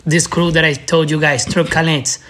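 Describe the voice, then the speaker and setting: A young man with a Brazilian accent, a native Portuguese speaker, telling stories as a podcast guest in an animated way, acting out his friends' lines. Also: on the high side, normal speed, a little hiss or hum. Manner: animated, acts out friends' lines, laughs often. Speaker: guest, pro skateboarder. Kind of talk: casual podcast storytelling.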